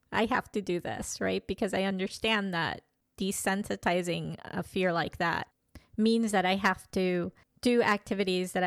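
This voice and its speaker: A woman in her fifties talking candidly in a reflective personal monologue, pausing and restarting as she thinks. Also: fairly low pitch, dry recording, clean studio sound. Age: 50s. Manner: thoughtful, candid, with frequent pauses and restarts. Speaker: vlogger.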